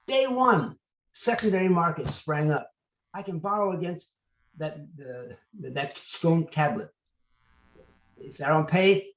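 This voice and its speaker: An older man, an author, telling lively anecdotes as an interview guest, often restarting his sentences. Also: a little high, echoey room, highs cut off. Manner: animated, anecdotal, trails off and restarts. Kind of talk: storytelling interview answers.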